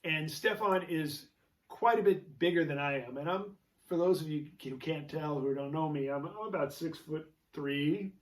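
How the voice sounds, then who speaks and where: A man's voice: a little high, normal speed, far from the mic. A man hosting his own show, telling a rambling story in a casual, chatty way with many fillers and restarts. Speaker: show host, jazz guitarist.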